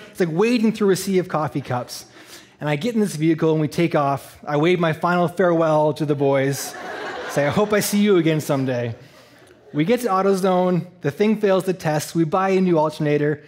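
A man from Eastern Canada telling a personal story in a sermon, animated and laughing, acting out the voices. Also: a little high. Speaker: church speaker.

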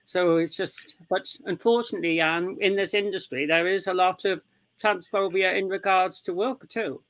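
A woman guest in an interview, talking in a rambling, halting way with many fillers. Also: on the low side, steady tone, dry recording. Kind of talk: casual chat.

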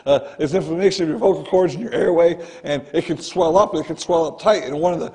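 A man preaching in a church with a slightly raised pitch and a dark, gravelly, fry-laden voice. His sermon is earnest and conversational, like talking straight to the congregation. He keeps circling back to address them directly. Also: fast talker. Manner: earnest, conversational preaching, often starting with "listen". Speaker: pastor. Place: church sanctuary.

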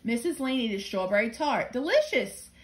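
Expressive woman reading a picture book aloud. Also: fairly high pitch, fairly quick, background noise. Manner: gentle, expressive storytelling. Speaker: children's book reader.

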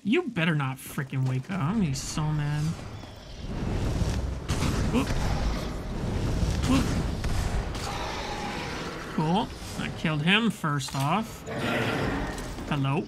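A man playing a video game and commenting casually, excitable and swearing, taunting the enemies he fights. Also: a little high, slow pace, long pauses, heavy background noise. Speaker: let's play host.

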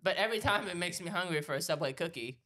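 A woman's voice: lowish voice, expressive, quick pace, a bit bright. A woman co-hosting a podcast in casual chat, teasing and laughing through her stories. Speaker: podcast co-host.

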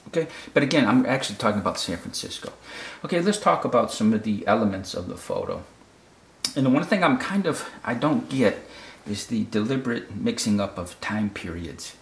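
A man's voice: on the low side, very animated, brisk, creaky. A man from the United States explaining a fashion photo casually, often repeating words and checking in with "okay?". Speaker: photography critic. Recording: roomy echo.

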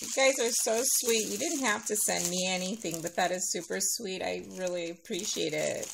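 A woman vlogger unboxing a package, sweet and gushing and thankful, sounding sleepy and a little hoarse. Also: fairly low pitch, moderate pace, background noise. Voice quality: gravelly vocal fry. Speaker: nail vlogger opening a giveaway package. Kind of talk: casual unboxing chat.

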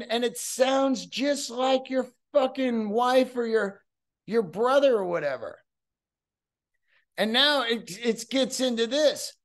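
A man in his fifties hosting a solo podcast, telling rambling, profane stories and acting out voices along the way. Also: sits high. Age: 50s. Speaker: podcast host.

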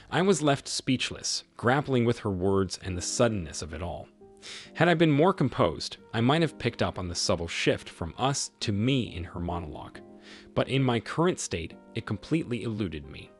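A man narrating a scripted first-person story in a measured, reflective way. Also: on the low side, sing-song, soft background music.

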